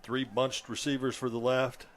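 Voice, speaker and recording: Man calling high school football play-by-play. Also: normal speed. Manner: steady play-calling with fillers. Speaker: play-by-play announcer.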